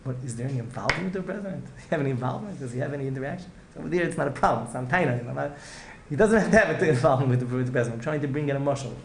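At medium pitch, the rabbi speaks very fast with hardly any pauses, delivering an earnest, repetitive Torah lecture full of restarted phrases and Hebrew and Yiddish words. An echoey room with faint ambience and a little hiss or hum surrounds him.

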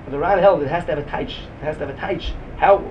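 A male Talmud teacher gives a yeshiva-style lecture, talking fast in a high voice with an animated, sing-song talmudic cadence. The audio is dull, picked up by a distant mic with faint room noise.

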